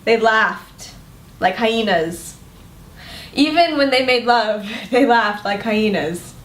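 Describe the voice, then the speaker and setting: Woman acting young mourner, deadpan, wry, measured, high voice, roomy echo, distant mic. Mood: wry, grave. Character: young woman mourning her odd parents. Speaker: acting student. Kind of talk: dramatic monologue.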